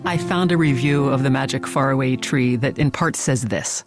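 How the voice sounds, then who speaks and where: A woman hosts a public radio interview and asks measured, curious questions. Her voice sits in a dry, close studio sound. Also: deep voice, no echo.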